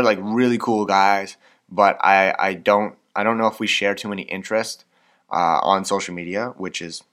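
A man's voice: lowish voice, fairly bright tone. A man in his twenties with a Canadian accent, hosting a casual solo podcast, rambling and self-deprecating with lots of fillers. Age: 20s. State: hyped up on coffee. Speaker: podcast host.

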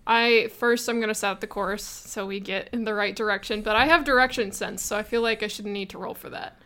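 A woman's voice: mid-range voice, steady tone, brisk, bright, forceful tone. Hesitant woman player in a tabletop game. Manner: hesitant, many um fillers.

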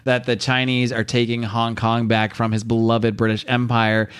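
A man's voice: mid-range voice, completely flat delivery, normal speed, a bit bright, clear, resonant tone, dry recording, studio quality. A man casually recapping a comic series as a podcast co-host, rambling, laughing often and reading quotes in put-on voices. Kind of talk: casual chat.

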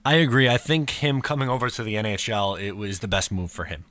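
A man's voice: lowish voice, lively intonation, brisk, a bit bright. A man co-hosting a casual sports podcast, easygoing and jokey. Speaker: podcast co-host.

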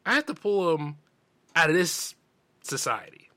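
A bright, forceful-sounding man with a Southern drawl holds forth on his own podcast. He rants emphatically, leaning hard into his points in a slightly high voice. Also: very animated, measured pace. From Southern United States. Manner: ranting, emphatic, mimics others in a high voice. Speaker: podcast host. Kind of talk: opinionated monologue.

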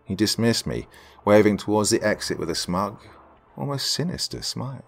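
Deep, animated male storyteller for first-person fiction. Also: moderate pace, creaky. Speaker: narrator.

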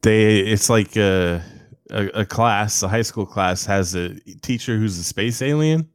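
A man's voice: on the low side, a little slow, smooth, dry recording, studio quality. A man in casual chat, rambling loosely through a movie review with lots of filler words and the odd curse. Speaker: podcast co-host reviewing a movie.

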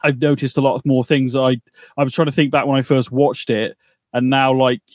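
A man's voice: medium pitch, flat delivery, fairly quick, dry recording, clean studio sound. A man co-hosting a podcast in casual chat, rambling and bantering with mock outrage. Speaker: podcast co-host.

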